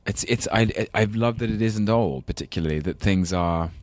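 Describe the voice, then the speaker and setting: Low-voiced London man, halting and thoughtful. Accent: London English. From England. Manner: thoughtful, hesitant, full of ums and restarts. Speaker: podcast guest. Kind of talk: casual interview chat.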